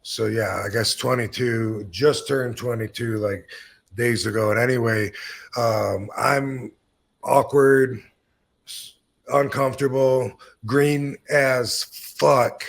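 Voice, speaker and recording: Podcast host, man in his fifties, gravelly voice, loose rambling anecdotes full of swearing. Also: medium pitch, fairly even intonation, slow pace. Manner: rambling, laid-back, swears freely. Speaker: podcast host telling stories. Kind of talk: casual storytelling chat.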